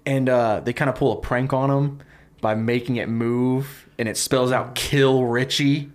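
A man co-hosting a podcast, casually pitching a movie idea, rambling with many fillers and laughing easily. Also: steady tone, normal speed, darkish tone. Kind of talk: casual chat.

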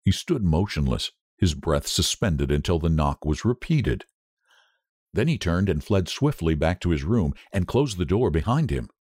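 A man hosting a literature podcast, reading a story aloud in a measured, dramatic way. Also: low voice, big pitch swings, darkish tone, breathy edge, no echo, clean studio sound. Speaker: podcast host and narrator. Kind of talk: scripted storytelling narration.

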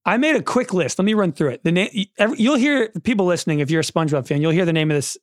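A young man with a fairly high voice chatting on a podcast. He talks with enthusiasm and retells scenes with gusto. The sound is dry and close, with no room around it. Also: lively intonation, rapid-fire, no echo. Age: 20s. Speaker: podcast co-host. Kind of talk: casual chat.

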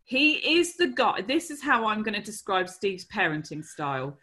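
A woman co-hosting a casual chat, swearing freely and acting out her stories with animation. Her voice is bright and forward. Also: medium pitch, moderate pace. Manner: blunt, sweary, animated storytelling. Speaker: podcast co-host.

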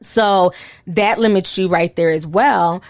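Low-voiced woman chatting to camera. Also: slow pace, dry recording, studio quality. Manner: conversational, many "you know" fillers. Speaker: commentator. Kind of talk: casual commentary, reading posts aloud.

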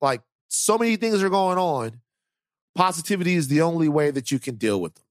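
A man hosting a podcast, telling stories in casual chat with lots of repeated words, sinking lower and softer when the story turns serious. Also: expressive, a little fast, no room sound, studio quality. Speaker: podcast host.

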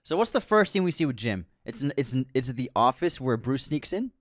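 A man retells a film to his co-host in a loose, rambling way, quick to laugh and tease. The recording is dry and close, with no room around him. He sounds casual and playful. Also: mid-range voice, very animated, no echo. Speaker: podcast co-host. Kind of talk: casual movie recap chat.

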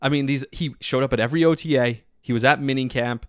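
A man talks through a solo sports podcast, excitable and rambling, full of filler words. His voice sits at an ordinary pitch. The recording is dry and close, with no room sound. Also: quick pace, clear, resonant tone, dry recording. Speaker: podcast host.

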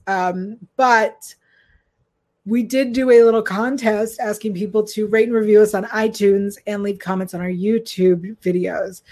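A woman in the host's chair of a chat podcast, easygoing and loose. She fills pauses with ums and laughs lightly between thoughts, in a voice of middle pitch. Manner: relaxed, lots of ums, laughs between lines. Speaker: podcast host. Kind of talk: casual chat.

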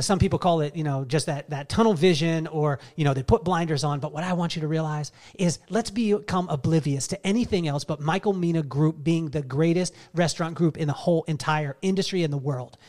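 A man's voice: a little high, darkish tone. A middle-aged man giving an emphatic, story-driven motivational speech at a live summit. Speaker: keynote speaker.

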